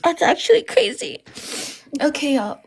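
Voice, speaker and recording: A woman's voice: extremely high pitch, sing-song, normal speed, vocal fry, slight background noise. A woman hosting a casual livestream, breathless from laughing and talking between giggles. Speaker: livestream host.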